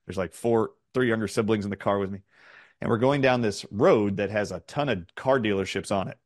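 Fairly low in pitch, this middle-aged Southern American man tells stories as an interview guest, firing off emphatic questions in rapid succession. The recording is clean studio sound with no room sound.

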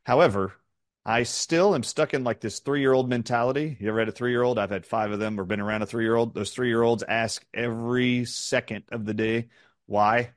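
A man's voice: mid-range voice, fairly even intonation, no room sound, studio quality. A middle-aged man from the southern United States, an interview guest telling stories in an emphatic, questioning way. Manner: rapid-fire questioning, emphatic. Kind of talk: animated storytelling in an interview.

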